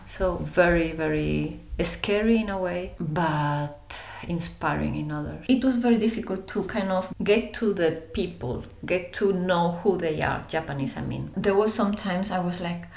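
Woman from Spain, lively storyteller. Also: fairly low pitch, moderate pace, vocal fry, hardly any pauses, roomy sound. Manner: animated, laughing, acts out scenes. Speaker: interview guest. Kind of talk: reflective storytelling.

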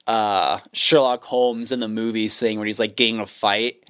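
A man with a somewhat low voice talks casually as a podcast co-host. He halts and restarts often, leans on "like", and swears offhandedly. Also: steady tone, moderate pace, a bit bright, clean tone. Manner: hesitant, swears, lots of "like". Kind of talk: casual chat.

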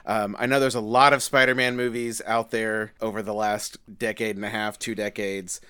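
A man's voice: lowish voice, flat delivery, normal speed, sharp tone, clear, resonant tone. A man co-hosting a casual film podcast, chatty and playful, often restarting his sentences. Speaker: podcast co-host. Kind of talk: casual chat.

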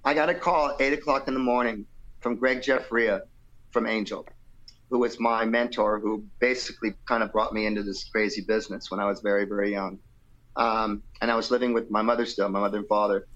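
A man's voice: fairly low pitch, steady tone, a little fast, fairly bright tone, lo-fi sound. A middle-aged man, a guest musician, telling a loose anecdotal story in an interview and acting out the quotes.

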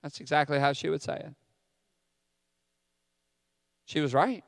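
A man's voice: a little high, quick pace, vocal fry, clean studio sound. A middle-aged man preaching a sermon as a pastor, candid and self-deprecating in his asides. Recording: long hall reverb.

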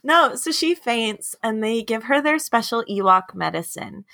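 A woman co-hosting a podcast, chatting casually about a movie, animated and laughing often. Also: a little high, unhurried, vocal fry, no room sound, clean studio sound. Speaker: podcast co-host. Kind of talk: casual chat recapping a movie.

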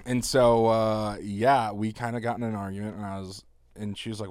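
A man in his thirties with a low voice tells stories in a casual podcast chat. He is animated and breaks into laughter often. The sound is dry and close, with no room around it. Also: fairly quick, dry recording. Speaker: podcast co-host.

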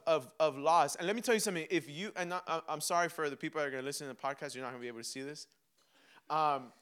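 Young guy pastor, animated sermon, high voice, acts out quotes and laughs a lot. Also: clear, resonant tone. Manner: mixes laughter and humor into preaching.

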